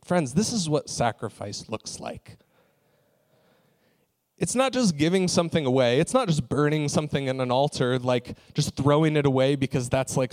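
A man preaching, telling a personal story in a relaxed, conversational way with frequent fillers. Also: mid-range voice. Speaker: pastor. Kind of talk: sermon story.

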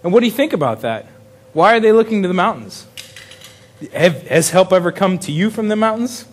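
A man's voice: high voice, big pitch swings, brisk. A man preaching a casual sermon in a chatty way, chuckling often and restarting his sentences. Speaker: pastor.

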